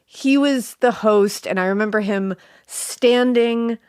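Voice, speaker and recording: A woman's voice: fairly high pitch, slow, smooth, no room sound, studio quality. A woman co-hosting a true crime podcast, chatting casually in a rambling, giggly way. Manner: giggly, rambling, animated storytelling. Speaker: podcast co-host. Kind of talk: casual chat.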